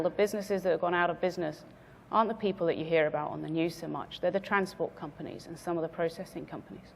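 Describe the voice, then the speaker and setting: A woman speaker giving a measured business presentation to a conference audience, stressing her key words. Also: fairly low pitch, vocal fry, darkish tone, long reverb tail, slight background noise. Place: conference venue.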